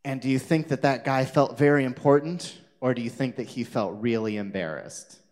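A man telling a children's sermon story, animated, putting questions to his young listeners. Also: mid-range voice, moderate pace. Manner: animated, asks the audience questions.

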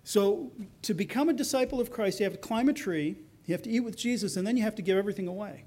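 A middle-aged man preaching a sermon, his voice sitting high for a man. He talks in an easy, conversational way and slips into the voices of the people in his stories. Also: fast, darkish tone. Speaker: pastor.

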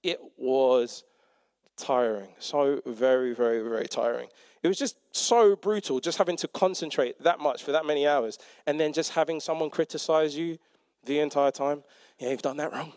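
Young male preacher, chatty storyteller, raised pitch, dry sound. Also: normal speed, clear, resonant tone, dry recording. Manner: animated, self-mocking, acts out quotes. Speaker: preacher and teacher. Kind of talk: conversational sermon storytelling.

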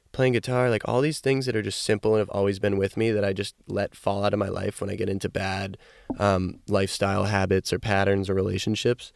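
A young man hosting a solo podcast, loose and rambling with lots of fillers, upbeat and a little high. His voice is lowish and smooth. The sound is dry and close. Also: no room sound. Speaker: podcast host. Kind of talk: casual solo podcast monologue.

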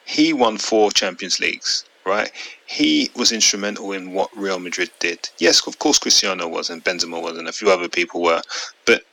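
A man's voice: deep voice, normal speed, gravelly, bright, forceful tone, low-quality recording. A man co-hosting a casual football podcast, opinionated and blunt, swearing freely. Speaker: podcast co-host.

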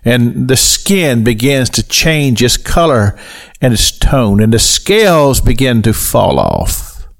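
A middle-aged male pastor giving a radio sermon, slow and deliberate, building to emphatic highs as he tells the story. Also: sing-song, vocal fry.

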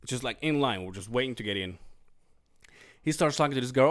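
A man's voice: lowish voice, animated, a little fast, pauses often. A male podcast host telling a rambling, profane story in casual chat, acting out what people said and correcting himself as he goes.

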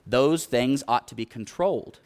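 An earnest male preacher delivering a sermon, urging his listeners on as he retells scripture stories. His voice sits at an ordinary middle pitch, and his delivery is steady and sincere. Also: moderate pace.

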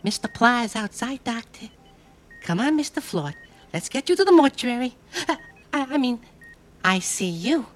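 A man's voice: extremely high pitch, lively intonation, normal speed. A man putting on a bumbling, faltering ship receptionist in an audio comedy. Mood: flat.

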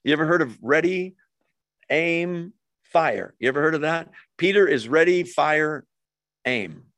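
A man teaching a Bible study, lively and often asking the group rhetorical questions. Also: fairly high pitch, measured pace, no echo.

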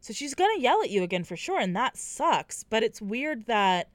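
A woman's voice: moderate pace, no room sound. A woman co-hosting a casual book podcast, retelling scenes and lifting her voice for the quoted characters. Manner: animated, acts out quoted characters with lifted pitch. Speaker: podcast co-host. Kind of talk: casual book-club chat.

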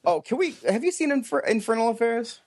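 A man co-hosting a podcast, excitable and stumbling, laughing often. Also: very high-pitched, fairly quick. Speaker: podcast co-host. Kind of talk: casual chat.

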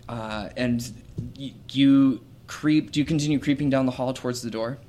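A man's voice: medium pitch, steady tone, quick pace, darkish tone. A man running a tabletop role-playing game as game master, narrating scenes with frequent fillers and restarts. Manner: hesitant, many fillers and restarts.

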